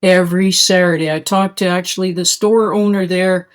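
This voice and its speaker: A woman's voice: lowish voice, fairly even intonation, normal speed. A woman from Canada, hosting a small podcast and delivering an urgent, emphatic monologue that pleads directly with her listeners. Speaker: podcast host. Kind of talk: impassioned monologue.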